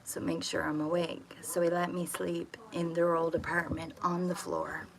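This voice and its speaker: A woman's voice: lowish voice, little pitch movement, normal speed, very noisy. Rambling, swearing woman telling a story. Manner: rambling, blunt, frequent swearing. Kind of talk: casual personal storytelling.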